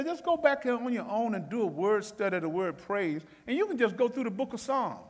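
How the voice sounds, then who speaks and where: A man leading a church Bible study as pastor, talking in a folksy, animated teaching way. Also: high-pitched. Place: church sanctuary. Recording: long church reverb.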